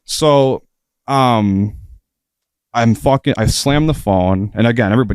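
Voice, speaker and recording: A man's voice: mid-range voice, unhurried, darkish tone, smooth, no room sound, clean studio sound. A man who is a former prison officer tells a story as a guest in a casual podcast interview. His talk is blunt and profane, full of fillers.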